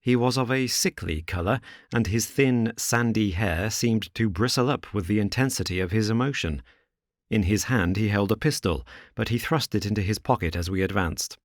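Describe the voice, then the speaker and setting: A man narrating a classic detective story in a measured, even reading. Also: lowish voice, no echo, clean studio sound. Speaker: audiobook narrator. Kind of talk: scripted narration.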